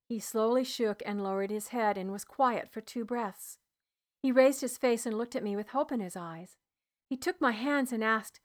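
A woman narrating a first-person historical novel in an even, measured storytelling voice. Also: fairly high pitch. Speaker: audiobook narrator.

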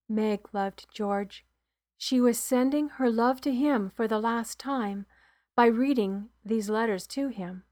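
A woman reading her own novel aloud as a podcast author and narrator, in a soft, subdued way. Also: fairly high pitch, no room sound, studio quality.

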